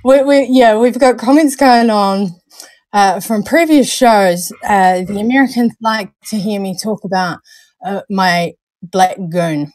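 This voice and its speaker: A woman's voice: mid-range voice, measured pace, darkish tone, dry recording. A young woman co-hosting a casual livestream chat, talkative, stumbling over and repeating words and laughing at herself. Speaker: podcast co-host.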